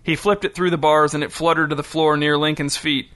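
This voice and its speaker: Bright-voiced male audiobook narrator. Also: a little high, steady tone, a little fast. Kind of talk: scripted narration.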